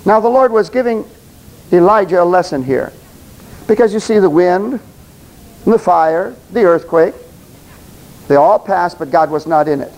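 A man with a very high voice delivers a sermon. He speaks straight at his listeners, emphatic and repetitive, and trips over words when he reads scripture aloud. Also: darkish tone, rough recording. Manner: emphatic, addresses congregation directly, stumbles reading aloud. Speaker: preacher.

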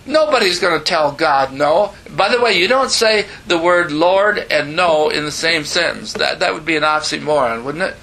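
A man's voice: fairly high pitch, animated, normal speed, creaky, hardly any pauses, pushed and bright, slight background noise, rough recording. A man in his seventies preaching a sermon, telling his own story earnestly with emphatic asides and bantering with the audience. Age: 70s. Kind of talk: sermon testimony.

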